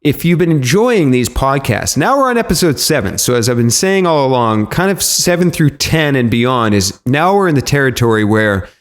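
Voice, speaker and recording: A man's voice: mid-range voice, very animated, moderate pace, few pauses. A man hosting a podcast, introducing the episode in a chatty, loose way with some fillers. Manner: chatty, self-correcting, with filler ums. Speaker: podcast host.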